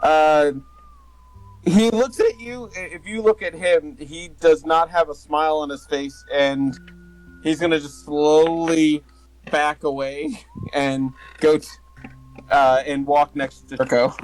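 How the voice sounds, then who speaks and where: A woman speaking as a tabletop game player, quick and hesitant with fillers. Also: deep voice, steady tone, darkish tone, faint music behind, rough recording. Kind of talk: casual tabletop game chat.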